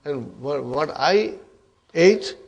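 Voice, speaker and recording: Questioning male Arabic teacher, higher voice. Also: animated, drawn-out words, creaky, muffled recording. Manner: quizzes students, frequent checks like "huh?" and "okay?"; addresses class as brothers and sisters. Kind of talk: classroom grammar lesson. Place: classroom with students.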